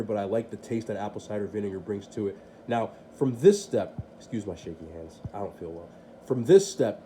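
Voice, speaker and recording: Nasal-voiced sick man, fast chatty cooking talk. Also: lowish voice, dark tone, a little hiss or hum, rough recording. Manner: laid-back, chatty, talks while cooking. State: sick, under the weather. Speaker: cooking channel host. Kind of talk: casual cooking vlog. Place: home kitchen.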